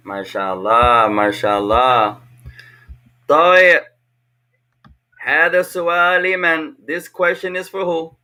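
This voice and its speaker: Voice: medium pitch, measured pace, pauses often, sharp tone. A teacher leading an online language lesson for children, patiently repeating each question over a video call.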